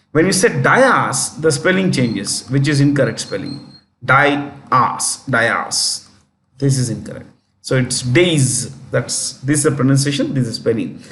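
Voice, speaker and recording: Chatty Indian English teacher, self-correcting. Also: male voice, medium pitch, fairly bright tone, roomy sound, a little hiss or hum. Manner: chatty, repeats points, corrects himself aloud; speaks directly to students. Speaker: test-prep teacher. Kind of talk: current affairs lesson.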